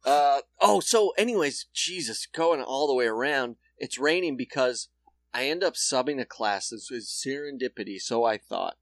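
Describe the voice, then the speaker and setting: A man's voice: mid-range voice, expressive, moderate pace, no room sound. A man in his thirties tells a swearing, rambling story as a podcast co-host and slips into other people's voices as he goes. His voice sits in the middle range for a man. The sound is dry and close, with no room around it. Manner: swearing storyteller who acts out quoted voices. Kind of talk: casual comedic chat.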